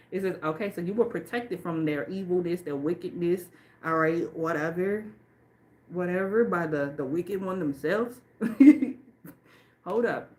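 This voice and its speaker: A woman doing a livestream card reading off camera, speaking emphatically and with a lot of swearing, and reading the card text aloud slowly. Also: lowish voice. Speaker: tarot and oracle card reader. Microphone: off camera, face not shown.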